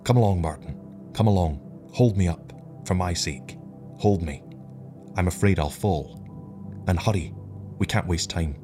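A man voicing a desperate, grasping aging ship captain who shouts and repeats himself insistently, with faint music behind. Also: deep voice, measured pace, long pauses. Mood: shaken, pleading.

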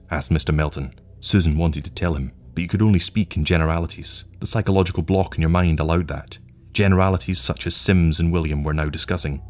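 A man narrating a story in a steady, even audiobook reading. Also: low voice, fairly quick, faint music behind.

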